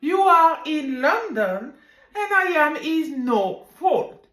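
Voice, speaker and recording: A woman's voice: high voice, sing-song, takes it slowly, a bit bright, reverberant, full character voice. A woman voicing a dismissive female business rival who breezily brushes off blame, in a raised voice.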